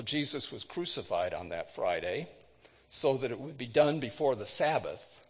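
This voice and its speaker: A man preaching a sermon, retelling scripture with dramatic readings, lifting his voice for quoted words and dropping it low for solemn moments. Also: in a large hall. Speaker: pastor.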